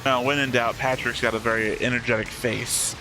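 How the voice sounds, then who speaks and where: A man's voice: mid-range voice, level tone, brisk, background noise. A man co-hosting an anime reaction show in casual, joking chat, explaining his reasoning at length.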